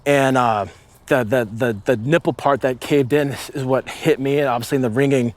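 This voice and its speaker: Ex-marine guy in his late 30s, rambly storytelling, says like a lot, shouts out the quotes. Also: mid-range voice, fairly even intonation, normal speed. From United States. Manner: rambling, with many "like" fillers and vivid acted-out shouts. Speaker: former marine sniper, guest. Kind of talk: casual storytelling conversation.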